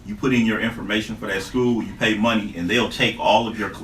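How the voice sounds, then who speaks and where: A man hosting a podcast in casual chat, telling animated stories with lots of swearing. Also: fairly low pitch, brisk, a little hiss or hum. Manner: animated storytelling, heavy swearing. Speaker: podcast host. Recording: echoey room mic from a distance.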